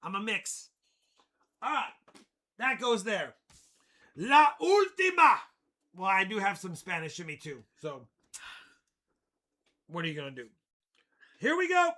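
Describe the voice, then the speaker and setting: A man hosting a live coin auction stream, joking around and shouting out countdowns and winners. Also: high-pitched, normal speed, long pauses. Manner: jokey, loud countdowns and shouted calls. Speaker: livestream coin auction host. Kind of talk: energetic live auction patter.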